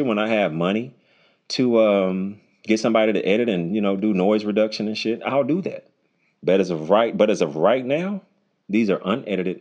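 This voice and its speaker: A man hosting his own unscripted solo podcast, talking bluntly and casually with lots of swearing, his voice jumping high when he jokes. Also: a little mellow. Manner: voice jumps high when joking. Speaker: podcast host. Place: home recording, unedited.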